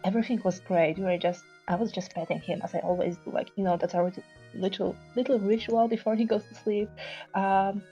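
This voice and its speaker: A woman's voice: mid-range voice, fairly even intonation, a little fast, dark tone, soft background music. Hesitant woman player, lo-fi sound. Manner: hesitant, rambling, many restarts. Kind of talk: in-character role-play.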